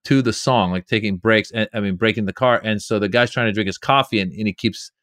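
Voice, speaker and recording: Comedian guy telling stories in an interview, pretty low voice, dry mic, does little voices. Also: a little fast, no room sound. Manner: animated storyteller doing quoted voices. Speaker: comedian guest. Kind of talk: storytelling interview.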